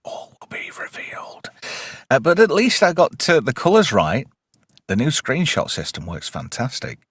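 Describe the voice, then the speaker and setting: Animated man recapping a show. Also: medium pitch, moderate pace, husky, no room sound, clean studio sound. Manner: animated, swears freely, recaps episodes with acted quotes. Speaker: podcast host. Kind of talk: casual chat.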